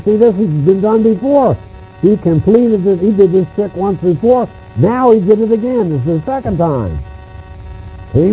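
A man preaching a sermon on scripture, stressing his points by repeating phrases. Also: high voice. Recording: muffled lo-fi recording with mains hum.

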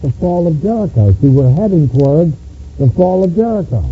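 A man's voice: fairly high pitch, animated, fairly quick, breathy edge. A man preaching a sermon on scripture, stressing his points by repeating phrases. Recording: muffled lo-fi recording with mains hum.

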